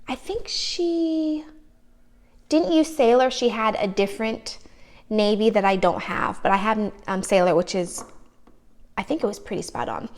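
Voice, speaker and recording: A woman casually gushing over her manicures in a show-and-tell vlog, chatty and trailing off mid-thought. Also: mid-range voice. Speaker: nail polish vlogger.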